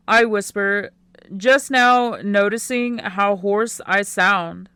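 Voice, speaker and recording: A woman narrating a first-person teen romance audiobook in a quiet, unhurried way. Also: medium pitch, fairly even intonation, smooth, dry recording.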